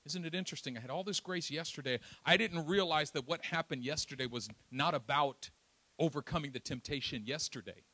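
Male pastor from East Oakland, bright slightly high voice, animated storytelling delivery, dry recording. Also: a little fast, dry recording. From East Oakland, California. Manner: animated storyteller, acts out quotes, self-deprecating asides. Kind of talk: sermon with personal storytelling.

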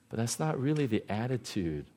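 A male pastor giving a conversational sermon, animated and often chuckling. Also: mid-range voice.

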